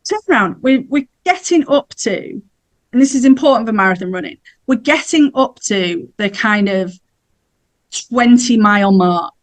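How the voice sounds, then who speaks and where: A middle-aged woman, telling a personal story in a chatty way as a podcast guest and laughing now and then. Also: medium pitch. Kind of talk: casual storytelling.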